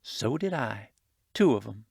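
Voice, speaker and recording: A man voicing an energetic young orphan boy from the city who talks in excited street slang. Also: mid-range voice, unhurried, creaky, breathy edge, no room sound, clean studio sound, exaggerated voice. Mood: eager, bossy.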